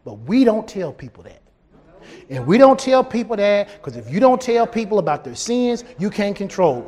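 High-voiced preacher with drawl. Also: male voice, moderate pace. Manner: animated preaching, rising to shouts. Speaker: pastor. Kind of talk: sermon.

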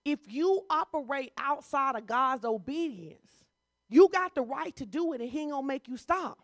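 A woman pastor preaches in a loose, conversational style, teasing her congregation. Her voice sits fairly high. The sound is close and dry. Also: animated, normal speed, no echo. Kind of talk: sermon.

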